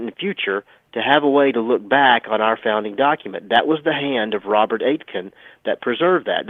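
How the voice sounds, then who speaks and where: A man's voice: mid-range voice, no echo. A man on a radio talk show telling a history story in an emphatic, sometimes sarcastic way. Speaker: radio guest. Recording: tinny phone line, dry.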